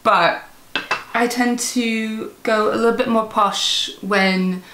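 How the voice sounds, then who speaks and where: A woman's voice: a little high, fairly even intonation, slow pace, a bit bright, roomy sound. A woman from Michigan with a Midwestern American accent that drifts a little British, chatting casually to camera at home, self-amused and laughing often, with plenty of ums. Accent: Michigan Midwestern American, partly drifting British. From Michigan, USA. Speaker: vlogger.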